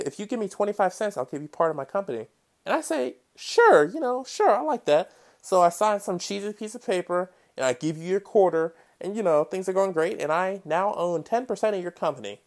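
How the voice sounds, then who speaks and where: A man hosting a casual solo podcast who explains his topic in a chatty, digressive way with jokey side remarks. He swings between loud bursts and quiet muttered comments. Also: a little high. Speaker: podcast host.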